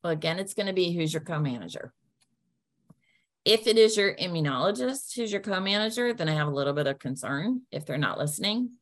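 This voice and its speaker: A woman's voice: on the low side, animated, a little fast. A woman answering questions with practical, down-to-earth advice, acting out polite phone lines as examples. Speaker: patient advocate answering questions.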